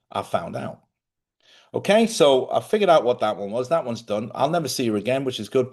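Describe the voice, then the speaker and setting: A middle-aged man hosts a casual spiritual talk for his viewers, speaking at an ordinary pitch. He rambles in a chatty way, corrects himself mid-sentence and often laughs. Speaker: host.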